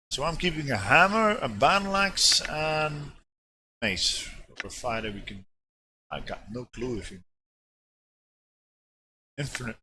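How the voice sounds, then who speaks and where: A male streamer in casual gameplay commentary, rambling and joking as he reads game text aloud. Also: medium pitch. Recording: steady background noise.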